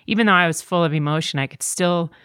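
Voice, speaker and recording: Middle-aged woman in casual chat; animated, somewhat low voice, dry recording. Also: fast talker, smooth, no echo. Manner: animated storyteller, jumps into quoted voices. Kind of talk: casual conversation.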